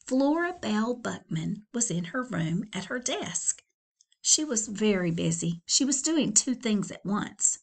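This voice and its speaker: Woman librarian, story read-aloud for kids, slow, lively pitch, chatty asides. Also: slightly rough. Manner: slow, animated, with chatty asides to young listeners. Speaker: school librarian. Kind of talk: reading a children's novel aloud.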